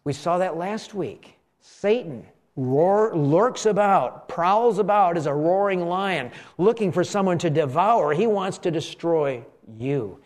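A middle-aged man, a pastor, preaching a conversational sermon, slowing down for emphasis and having the congregation repeat lines with him. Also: high voice, expressive, a little mellow.

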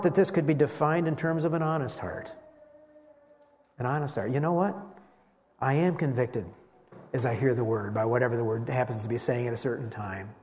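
Animated preaching man in a reverberant hall. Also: on the high side. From West Michigan. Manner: animated preaching, slows for emphasis. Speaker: pastor. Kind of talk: sermon.

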